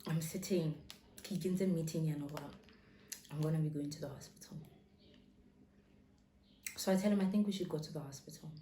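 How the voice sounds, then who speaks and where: Lively woman telling a story. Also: deep voice, fairly quick, pauses often. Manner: animated, dramatic retelling that mixes English with Setswana phrases. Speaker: vlogger telling a personal story. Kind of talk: casual storytime chat. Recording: roomy echo, faint background noise.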